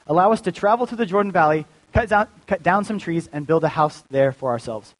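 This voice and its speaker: A man's voice: a little high, brisk, low-quality recording. A young man giving a casual, joking sermon as a youth pastor, full of fillers and restarts. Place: church.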